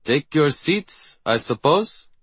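A man voicing a bored male high school principal with a put-on French-Canadian accent, booming over a field and mangling idioms. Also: lively intonation, slow, fairly bright tone, breathy edge, dry recording, exaggerated voice.

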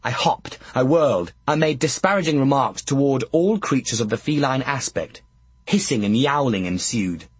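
A husky male narrator reads an audiobook with a wry, dry comic touch. He takes his time, his voice lively and expressive, recorded close and dead dry. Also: mid-range voice, moderate pace, dry recording.

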